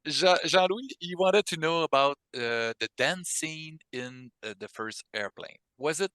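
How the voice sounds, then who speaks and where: French-accented man, fan interviewer, rather high, smooth and clear, dry close sound, fumbling eagerly for words. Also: lively intonation, a little slow, sharp tone, no echo. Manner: enthusiastic, stumbling over words with many fillers.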